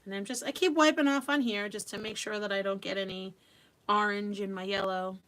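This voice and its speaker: A woman's voice: mid-range voice, fairly even intonation, brisk, fairly bright tone. A middle-aged woman from Long Island hosting a live craft stream. She chats casually, laughs often, and talks while she works. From Long Island, New York.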